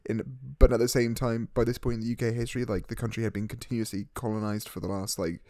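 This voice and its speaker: A man's voice: on the low side, level tone, fast, darkish tone, no room sound, studio quality. A man co-hosting a podcast, teasing and sweary, rambling through casual banter. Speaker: podcast co-host.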